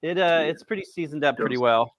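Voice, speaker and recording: A man's voice: on the high side, expressive, fast talker, lo-fi sound, a crowd in the background. A man hosting a casual cooking show, chatting about his food and laughing with friends.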